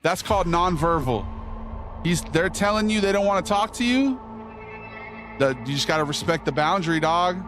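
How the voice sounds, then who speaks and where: Young guy streaming a game, jokey slangy chat, lively voice, music behind. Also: high voice, moderate pace. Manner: joking, slangy, talks to chat while gaming. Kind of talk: casual live-stream chat.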